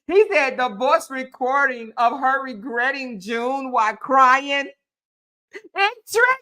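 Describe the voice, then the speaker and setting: A woman's voice: high voice, animated, slow pace, bright, forceful tone. A woman hosting casual gossip commentary, mocking and emphatic, repeating her points. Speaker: commentary host.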